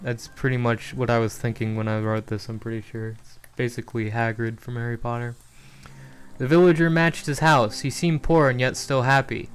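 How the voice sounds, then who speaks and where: Smooth-voiced man reading aloud casually. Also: mid-range voice, steady tone, normal speed, soft background music. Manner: laughing at his own writing, stumbling and restarting. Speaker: streamer reading his own novel. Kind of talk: casual read-aloud on a stream.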